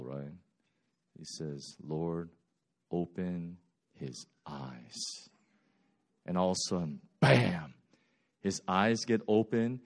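Animated male preacher telling stories. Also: low-pitched. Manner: animated storytelling, acts out biblical characters' voices; swings from loud and fast to quiet and slow. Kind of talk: sermon.

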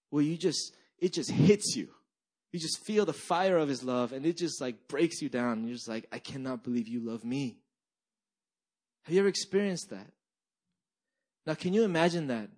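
A young male pastor delivers a sermon in a slightly high voice. He talks in a loose, animated way, leaning on "right?" and "like" to pull the congregation along. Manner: animated storytelling, frequent "right?" and "like".

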